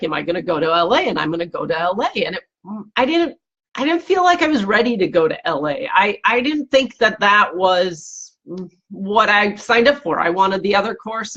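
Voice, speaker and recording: A woman speaks to her listeners in an earnest, searching way, restarting and repeating herself as she thinks aloud. Her voice is husky and slightly breathy at a mid pitch. The recording is muffled and lo-fi. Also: a bit bright. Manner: earnest and searching, with frequent self-corrections and repetitions. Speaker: life coach and podcast host. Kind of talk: reflective personal talk to listeners.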